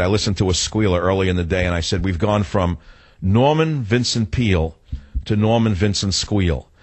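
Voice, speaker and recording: A man's voice: lowish voice, breathy edge, no room sound. A male radio talk show host giving an indignant monologue full of repeated rhetorical questions.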